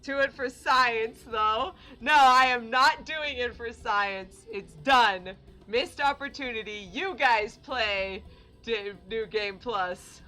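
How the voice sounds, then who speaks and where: A woman's voice: medium pitch, takes it slowly, bright, forceful tone. A woman giving casual let's-play commentary, exclaiming and laughing at the game as she plays. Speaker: gamer playing on a channel. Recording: faint game music behind.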